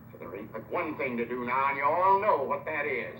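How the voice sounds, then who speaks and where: A man's voice: medium pitch, expressive, a little fast, pushed and bright, a little hiss or hum. An indignant scolding townsman. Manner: scolding, earnest. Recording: distant, echoey old film sound.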